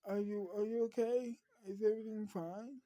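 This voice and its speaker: A woman's voice: medium pitch, fairly even intonation, normal speed, mellow, dry recording, lightly acted. A woman voicing Patrick, a caring, worried husband who fires off anxious questions.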